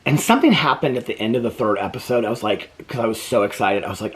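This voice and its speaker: A man's voice: animated, fast talker, hardly any pauses, fairly bright tone. A man vlogging at home in a casual, rambling chat full of fillers, cooing to his pet between stories. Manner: chatty, rambling with many fillers; coos to his pet in high baby talk.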